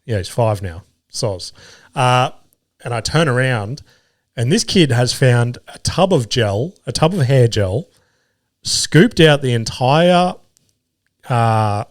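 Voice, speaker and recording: Male comic-host, mid-pitched, sweary and self-amused storytelling, dry close mic. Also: lively intonation, slow, long pauses, no echo. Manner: swears freely, laughs at his own stories. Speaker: comedian and podcast host. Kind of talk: casual solo podcast storytelling.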